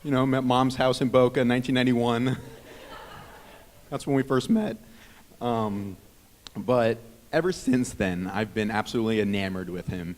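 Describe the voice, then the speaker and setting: A man in his thirties giving a rambling, heartfelt wedding toast as the groom's brother, teasing himself between warm words. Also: medium pitch, fairly even intonation, moderate pace. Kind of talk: wedding speech. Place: wedding reception hall. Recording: long reverb of a reception hall.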